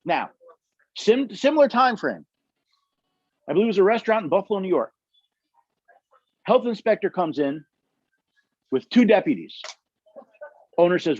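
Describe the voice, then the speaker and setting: Guy lecturing on the constitution, kinda high voice, dry dull lo-fi sound, tells stories and acts out the quotes. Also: expressive, brisk, long pauses, husky, no echo. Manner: emphatic storytelling, acts out quotes. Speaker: speaker at a constitution study session. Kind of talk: lecture with audience questions.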